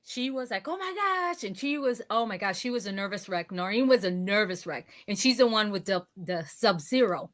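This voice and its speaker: Woman guest, chatty and rambling, average pitch, relaxed live-stream chat. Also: fairly quick, few pauses. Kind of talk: casual chat.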